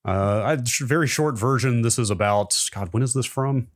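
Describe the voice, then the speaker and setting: A man co-hosts a tech podcast, chatting casually, asking curious questions, and summarizing a blog post he reads aloud from. His mid-range voice moves at normal speed, recorded dry with studio quality.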